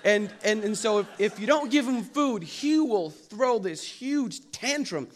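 Animated high-voiced young man preaching. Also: measured pace. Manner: animated storytelling, acts out quotes and jokes. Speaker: pastor. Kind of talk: sermon. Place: church hall.

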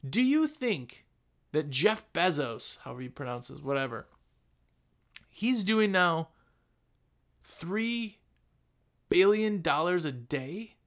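A man's voice: on the high side, big pitch swings, takes it slowly, pauses often, fairly bright tone. A man hosting a podcast, giving a casual motivational talk and acting out other people's voices. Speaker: podcast host.

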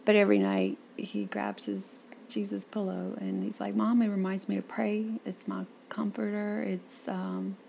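Gravelly woman telling stories. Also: medium pitch, unhurried, few pauses, a little hiss or hum. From south Louisiana. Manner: lively storyteller acting out quoted speech. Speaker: interview guest. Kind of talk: casual storytelling interview.

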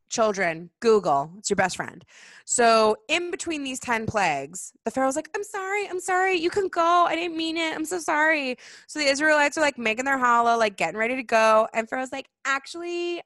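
A young woman with a bright, forceful voice tells stories in a casual chat, full of "like" and laughter. She slips into little character voices as she explains. The sound is dry and close. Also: mid-range voice, no echo. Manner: animated storytelling, acts out voices, frequent "like" and laughs. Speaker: guest explaining Jewish holidays.

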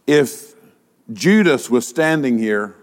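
A male pastor delivering a sermon, asking rhetorical questions and using dramatic pauses. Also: mid-range voice, expressive, long reverb tail.

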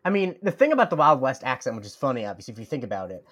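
Fast-talking male podcast co-host. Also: medium pitch, big pitch swings, fairly bright tone. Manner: chatty, laughs often. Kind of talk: casual chat.

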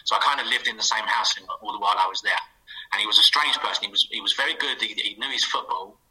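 A middle-aged man telling a lively anecdote as a guest on a radio show, putting on playful voices for the people he quotes. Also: lowish voice, husky, rough recording. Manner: fast, animated storytelling with playful quoted voices. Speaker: guest, former footballer.

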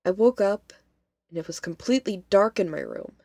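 A woman's voice: medium pitch, animated, moderate pace, mellow, no room sound. A woman voicing a young female college student who is rattled and insistent. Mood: recounting. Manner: shaken, insistent.

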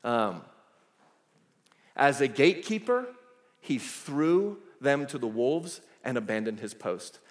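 A male pastor delivering a sermon, telling the story in a lively, casual way with asides. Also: mid-range voice, slow pace, pauses often. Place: church sanctuary. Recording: echoey church hall.

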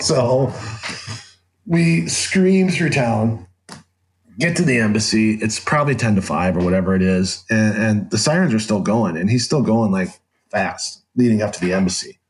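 A man's voice: lowish voice, moderate pace. A man telling a story as an interview guest, with lots of laughs, restarts and acted-out quotes. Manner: animated, laughs often, acts out quotes with restarts. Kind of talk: casual anecdotal storytelling. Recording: roomy echo.

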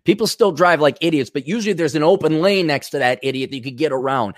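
A man hosts a podcast in a sarcastic, profane rant. His fairly high voice leaps and dips with lively swings. The sound is close and dry. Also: quick pace, few pauses, dry recording. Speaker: podcast host. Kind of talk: ranting podcast chat, reading donations.

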